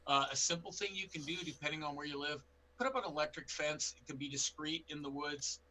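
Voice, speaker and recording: A middle-aged man, a bear expert guest on a panel, telling animated stories with acted-out quotes. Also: on the high side, fast, slight background noise, rough recording. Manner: animated anecdotes with quoted dialogue. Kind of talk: storytelling in a panel interview.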